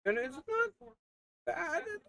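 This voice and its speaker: A man giving a casual, rambling game review with many fillers and restarts. He coughs and keeps clearing his throat. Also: mid-range voice, animated, a little slow, very noisy.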